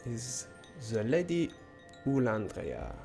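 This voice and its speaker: A man voicing a formal, cryptic male guide of a digital realm, speaking slowly and courteously. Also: medium pitch, wildly swooping pitch, gravelly, mellow, faint music behind, heavily acted. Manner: slow, measured and courtly.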